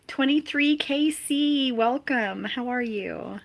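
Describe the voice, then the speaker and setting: A woman's voice: sits high, drawn-out words, creaky. A woman hosting a casual live stream, chatting and laughing often as she reads and answers viewers' comments. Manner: giggly, laughs often between greetings. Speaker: livestream host.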